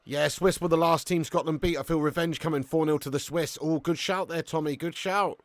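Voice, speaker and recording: A brash man hosts a live football watch-along and reads out viewer comments. His banter is loose and full of swearing. His voice sits on the high side, and the recording is dry and close, with no room sound. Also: steady tone, fairly quick, dry recording. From England.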